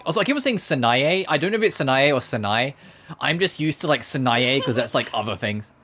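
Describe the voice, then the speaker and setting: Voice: mid-range voice, lively intonation, fairly quick, fairly bright tone, soft background music. Rambling let's-play streamer. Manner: rambling, filler-heavy, self-deprecating. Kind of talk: casual game commentary.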